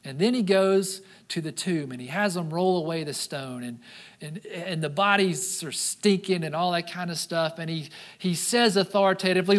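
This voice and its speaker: Animated high-voiced male pastor preaching. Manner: animated, acts out voices of people in the story. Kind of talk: sermon.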